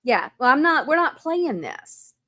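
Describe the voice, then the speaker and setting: Woman host, very high lively voice, blunt, fed up, swears, dry close sound. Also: a little slow, no room sound. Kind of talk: casual gossip chat.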